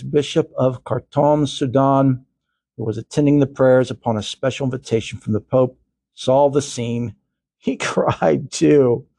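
A man's voice: on the high side, vocal fry, darkish tone, slightly rough, dry recording. An older male podcast host reading a story aloud, with earnest, chatty asides.

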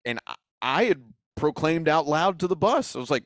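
A young man, a team's radio voice, chatting casually and retelling a game with lively acted-out quotes. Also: on the high side, normal speed, dry recording, studio quality. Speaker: play-by-play voice of a college football team. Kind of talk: casual storytelling chat.

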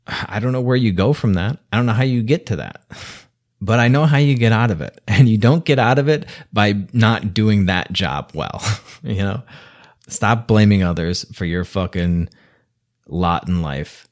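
A man's voice: lowish voice, expressive, unhurried. A man delivering an exasperated, scolding rant to the camera, swearing heavily. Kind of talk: angry rant monologue.

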